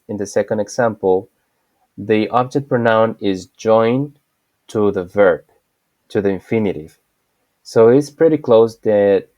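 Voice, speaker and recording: Man, low voice, slow delivery, language lesson, repeats example sentences. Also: a little mellow, no echo. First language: Spanish. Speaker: Spanish teacher.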